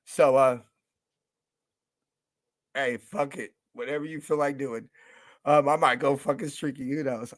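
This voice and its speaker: A man's voice: mid-range voice, steady tone, a little slow, long pauses. A young man hosting a fan radio show, talking in a profane, emotional, hyped-up way. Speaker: podcast host. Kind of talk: casual fan radio monologue.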